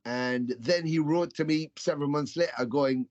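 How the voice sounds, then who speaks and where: A man's voice: a little high, normal speed. Rambling man in his fifties, muffled call. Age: 50s. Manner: rambling, storytelling, frequent restarts. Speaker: musician guest. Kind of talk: casual interview chat. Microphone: video call. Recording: slightly dull video-call audio.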